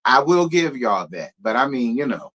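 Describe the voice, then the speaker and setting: A man's voice: medium pitch, big pitch swings, normal speed, a bit bright, slight background noise. A man hosting a live review of a reality show, giving blunt, sassy and profane commentary, talking straight to his viewers and thanking donors. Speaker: reality TV recap host.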